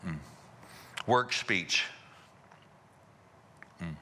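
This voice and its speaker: A male pastor preaching a sermon in a folksy way, asking rhetorical questions and chuckling softly. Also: medium pitch, expressive, moderate pace, long pauses, long reverb tail, slight background noise.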